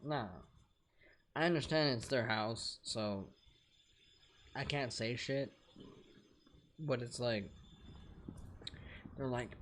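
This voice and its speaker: A young man talks through a late-night game stream at home, venting and rambling with plenty of profanity. His voice sits at a middle pitch, with a faint hiss of noise behind it. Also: slow, pauses often, fairly bright tone. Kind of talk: casual live-stream chat.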